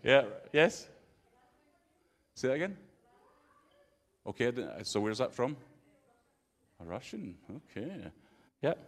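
Pastor guy joking around with the congregation, mid-pitched voice. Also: sing-song, takes it slowly, pauses often. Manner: playful, bantering with the congregation. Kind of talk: interactive sermon.

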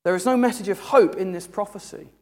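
A man's voice: high voice, fast talker. A man preaching a sermon in a humorous, conversational way. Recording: echoey hall.

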